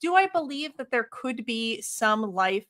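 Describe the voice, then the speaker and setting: A woman co-hosts a casual podcast and asks the guests questions. She giggles often between her lines. Her voice has a bright, tense tone. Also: fairly high pitch, big pitch swings, a little slow. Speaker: podcast co-host.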